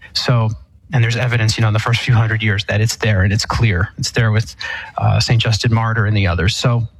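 A man, an Eastern Catholic priest, answering listener questions on a call-in radio show in a measured, explanatory way. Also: medium pitch, breathy edge, no echo, low-quality recording.

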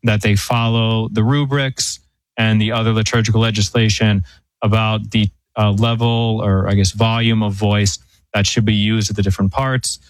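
Man, priest, low voice, measured, explanatory, dry studio sound. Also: level tone, no echo, rough recording. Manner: measured, explanatory, many fillers. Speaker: priest answering questions. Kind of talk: radio call-in advice.

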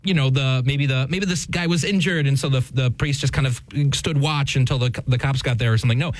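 A man's voice: medium pitch, fairly quick, dry recording, low-quality recording. A man co-hosting a casual commentary podcast, chuckling often and speaking with many fillers and restarts. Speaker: podcast co-host. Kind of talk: casual news commentary chat.

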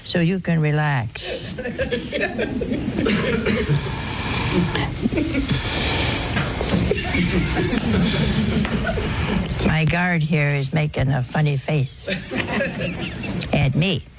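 A woman's voice: on the low side, sing-song, very slow, long pauses, heavy background noise. A woman preaching a sermon to a live audience in a folksy, humorous way, acting out bits of dialogue.

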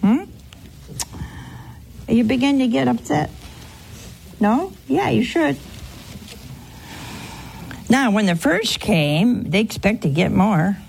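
A woman's voice: a little high, lively intonation, takes it slowly, gravelly, pauses often, darkish tone, slight background noise. An older woman preaching a sermon, telling stories and acting out the voices in them, sometimes dropping to a whisper. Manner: storytelling with acted-out quotes and whispers. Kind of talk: sermon on a gospel parable.

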